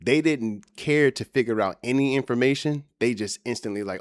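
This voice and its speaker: A man's voice: medium pitch, moderate pace, dry recording, clean studio sound. A man hosting a reaction video, giving blunt, scornful and profane commentary.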